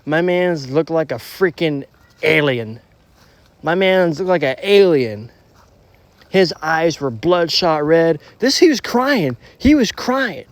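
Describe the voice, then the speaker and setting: A man's voice: fairly high pitch, lively intonation, slow pace, no echo. A young man rambling through a casual storytime monologue, slangy and profane, full of restarts. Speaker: storytelling vlogger.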